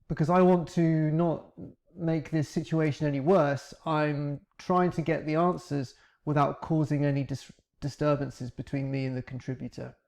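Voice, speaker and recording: A man teaching English, calmly breaking down the grammar of questions he asked in a recorded interview. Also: on the high side, normal speed, creaky. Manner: calm, reflective, breaks down grammar step by step.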